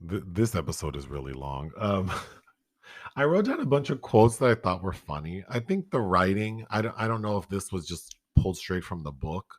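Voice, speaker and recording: A man's voice: low voice, moderate pace, husky, no room sound, studio quality. A man co-hosting a podcast, chatting casually about a movie and laughing as he quotes lines. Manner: animated, laughs often, acts out quotes. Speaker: podcast co-host. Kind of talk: casual film review chat.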